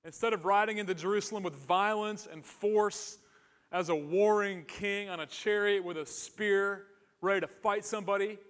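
Casting: earnest sermon from a high-voiced man, echoey church hall. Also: fairly even intonation, moderate pace, a bit bright, smooth. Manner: earnest, conversational, with restarts and humor. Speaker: pastor.

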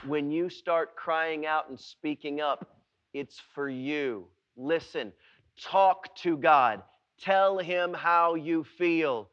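A male pastor preaching a sermon, emphatic and repetitive, swinging between hushed and loud passages. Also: fairly high pitch, slow, clear, resonant tone, muffled recording.

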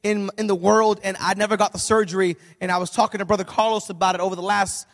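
A male pastor preaching a sermon with animated, humorous storytelling that sometimes swells into shouting. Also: high-pitched, very fast. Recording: reverberant hall.

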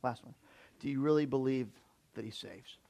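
A man's voice: mid-range voice, moderate pace, gravelly, mellow. A young man preaching a sermon in a church, talking in a conversational way and putting questions straight to the congregation. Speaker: pastor.

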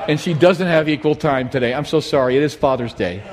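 Animated man preaching a sermon. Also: on the high side, fairly quick, noisy background. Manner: storytelling, animated and emphatic. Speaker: pastor.

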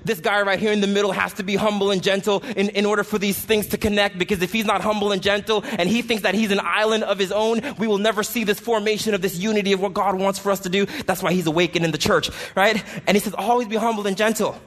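A man preaching a sermon with passion, pleading loudly at times and then dropping his voice low. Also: steady tone, quick pace, hardly any pauses. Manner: impassioned, rising to pleading shouts and dropping low.

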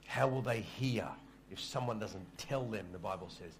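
A man's voice: fairly low pitch, normal speed, hardly any pauses, background noise. A middle-aged man preaching a sermon, telling a story in a conversational, self-deprecating way with small stammers. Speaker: pastor.

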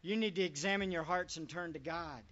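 Slow bright preacher, high voice, drops quiet then punches loud, muffled lo-fi sound. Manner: rhetorical questions to the congregation; animated, swings between loud and quiet. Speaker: pastor. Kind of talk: sermon. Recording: dull lo-fi recording.

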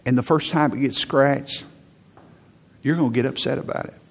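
Guy preaching a sermon, gravelly and a bit husky, chatty, acts out what people would say. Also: medium pitch, moderate pace. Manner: conversational preaching, acts out quotes. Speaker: pastor.

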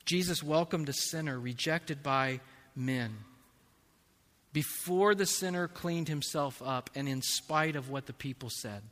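Male pastor, high bright voice, slow deliberate sermon delivery; reverberant sanctuary. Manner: slow, emphatic preaching with big swings in loudness. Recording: long reverb of a large hall.

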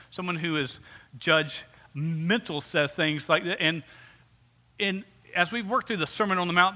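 Bright-voiced male pastor in a reverberant church. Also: on the high side. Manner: earnest, conversational preaching with questions to the congregation. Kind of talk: sermon. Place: church sanctuary.

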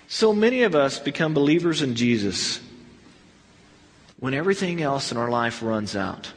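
A man teaching a verse-by-verse Bible study as a sermon, animated and acting out the scenes as he tells them. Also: medium pitch, moderate pace, in a large hall, slight background noise. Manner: animated storyteller who acts out scenes.

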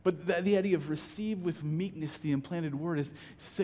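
A man's voice: a little high, a little fast, warm tone, in a large hall. A man preaching a sermon as pastor, conversational, often repeating words as he starts a phrase.

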